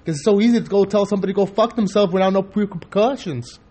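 A man hosting a podcast in casual chat, rambling and profane, telling animated stories. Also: high-pitched, fast talker. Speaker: podcast host.

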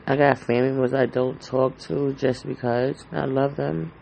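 A man's voice: mid-range voice, steady tone, moderate pace, vocal fry, darkish tone, slight background noise, rough recording. A man hosting a casual solo podcast from home, rambling in an anxious, heartfelt way with lots of fillers and swearing. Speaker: podcast host.

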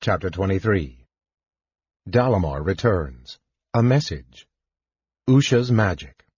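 A man narrating an audiobook in a measured, deliberate way. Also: low-pitched, expressive, darkish tone, husky, no room sound. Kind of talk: scripted narration. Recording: dull lo-fi recording.

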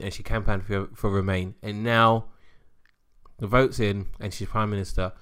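A man co-hosting a podcast, talking politics in a sarcastic, jokey, animated way. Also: on the low side, moderate pace. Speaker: podcast co-host. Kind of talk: casual political chat.

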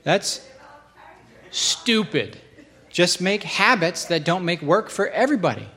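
A man with a high-pitched voice delivers a relaxed, conversational sermon. He tells stories with animated swings between quiet asides and sudden high outbursts, often laughing at himself. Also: a little slow. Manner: self-deprecating, laughs at himself. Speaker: pastor. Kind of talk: casual sermon storytelling.

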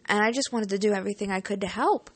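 In a laid-back storytime vlog, a young woman who works as a student teaching partner talks emotionally, peppering her speech with "like," "you know" and casual swearing. Her voice is mid-range and husky, quick-paced, recorded dry.

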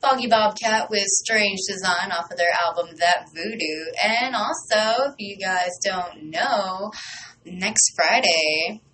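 An excitable woman host rambling through stories, her voice at an everyday middle pitch. A faint hiss sits under her talk. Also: slow pace, rough recording. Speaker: radio host. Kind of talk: casual chat.

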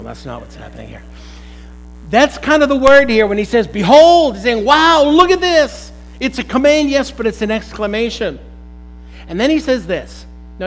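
Pastor, male, unusually high pitch; preaching to a live congregation, questioning the room, punchy emphatic peaks. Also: poor audio. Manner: rhetorical questions to the congregation, rising to emphatic exclamations. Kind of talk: sermon.

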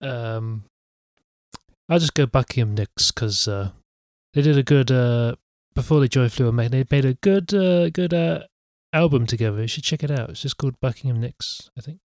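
A man's voice: medium pitch, normal speed, a little mellow, no echo, studio quality. A man from England, a podcast guest, chatting casually and hesitantly with many fillers. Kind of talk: casual chat.

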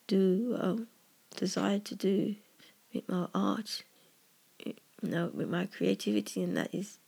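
Gravelly, husky poet musing in halting whispers. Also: medium pitch, darkish tone. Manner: earnest, halting, drops into whispers. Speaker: poet discussing own poem. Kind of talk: personal reflective monologue.

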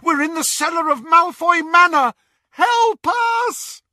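A man's voice: high-pitched, expressive, slow pace, sharp tone, husky, dry recording, studio quality, pitched above the performer's own voice, full character voice. A man voicing a desperate teenage boy wizard in an audiobook reading, urgent and frantic.

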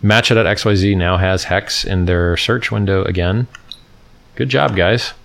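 A man's voice: deep voice, unhurried, creaky, fairly bright tone, slight background noise. A man hosting a casual livestream, rambling and mocking, reading from his screen and talking to viewers in chat. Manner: reads from the screen and chats with viewers. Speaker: livestream host.

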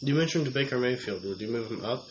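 A man co-hosting a casual sports rankings chat, reading long lists of names in a halting, methodical way. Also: mid-range voice, expressive. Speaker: co-host. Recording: slightly dull audio, faint noise.

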